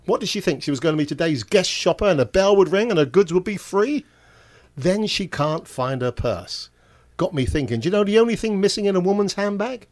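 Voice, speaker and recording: An older man telling stand-up jokes in a deadpan way, chuckling at his own punchlines. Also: sits high, fairly quick. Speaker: stand-up comedian and show compere.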